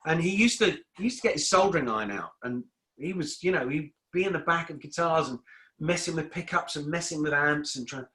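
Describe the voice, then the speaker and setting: A man's voice: a little high, expressive, fairly quick, pushed and bright. A middle-aged man talking as a guest in a casual interview, rambling and repeating words as he restarts his sentences. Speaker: guest musician.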